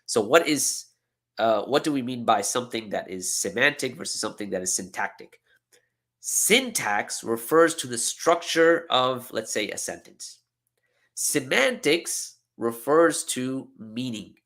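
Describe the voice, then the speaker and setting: A man's voice: mid-range voice, lively intonation, unhurried, fairly bright tone. A man teaching a seminar, explaining with emphatic repetition and frequent "okay?" and "right?" checks. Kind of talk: lecture.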